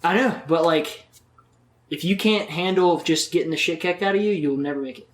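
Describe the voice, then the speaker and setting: A man with a somewhat high voice, talking casually as a guest on a podcast. He swears freely and rambles from one story to the next. The recording carries a noticeable roomy echo. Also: moderate pace. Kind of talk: casual interview chat.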